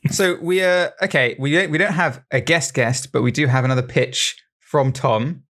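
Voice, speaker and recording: A man co-hosting a casual podcast chat, chatty and quick to giggle. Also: a little high, fairly bright tone. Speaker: podcast co-host.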